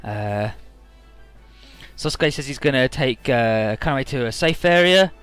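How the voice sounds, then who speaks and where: Man, let's play commentary, crude joking, rambling, bright lively voice, faint game music. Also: mid-range voice, measured pace, smooth.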